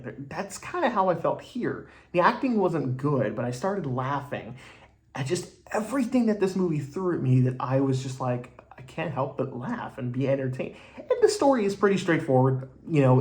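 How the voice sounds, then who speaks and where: A man talks through a movie review in a loose, rambling way, leaning on fillers like "you know" and "like." He speaks bluntly and swears now and then, in a voice of ordinary middle pitch. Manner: blunt and casually profane. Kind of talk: casual spoken movie review.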